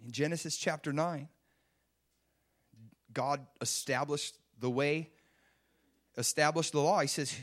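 A man's voice: a little high, steady tone, measured pace, pauses often, fairly bright tone. A man preaching a sermon, emphatic and full of rhetorical questions. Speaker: pastor.

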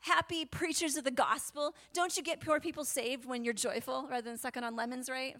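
A woman preaching a sermon, animated and chatty, often dropping to a whisper and laughing. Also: sits high, a little fast, few pauses.

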